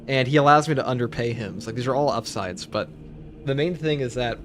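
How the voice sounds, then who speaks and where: A man's voice: medium pitch, fairly quick. Guy yapping on stream, jokey and rambly, faint hum in the room. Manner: rambling, jokey, chatty with filler words. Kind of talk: casual live-stream chat over gameplay.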